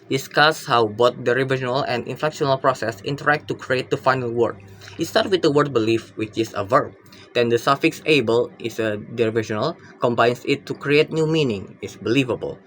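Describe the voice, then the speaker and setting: A man, reading a class project aloud in a halting way, with frequent fillers, restarts and self-corrections. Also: mid-range voice, a bit bright. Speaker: student presenting a linguistics project. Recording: faint background noise.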